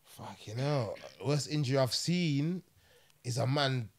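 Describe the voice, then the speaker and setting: A man tells prison stories in a relaxed podcast chat. He speaks in street slang, swears freely and keeps checking in with "you get me". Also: medium pitch, unhurried. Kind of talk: casual storytelling chat.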